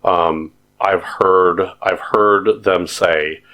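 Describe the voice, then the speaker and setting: A man's voice: deep voice, steady tone, drawn-out words, fairly bright tone. A man co-hosting a podcast, telling stories in a rambling, hesitant casual chat. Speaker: podcast co-host.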